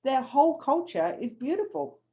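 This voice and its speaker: A woman's voice: high voice, very animated, moderate pace, mellow, highs cut off. A middle-aged Australian woman co-hosting a podcast, chatting bluntly and swearing freely. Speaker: podcast co-host. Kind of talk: casual chat.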